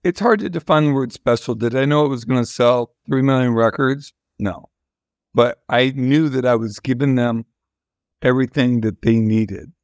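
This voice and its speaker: A man's voice: mid-range voice, normal speed, no echo. An older man, a musician guest, telling long candid stories in a casual interview, rambling with restarts.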